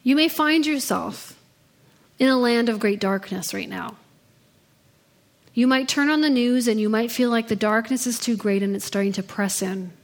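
A woman's voice: a little high, moderate pace. A woman preaching a sermon in her thirties, telling stories in an earnest way. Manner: earnest storytelling delivery.

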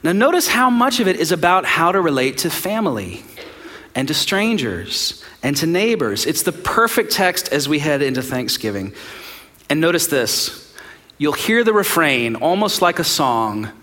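A pastor preaching with slow emphatic phrasing. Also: male voice, on the high side, sing-song, pushed and bright. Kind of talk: sermon.

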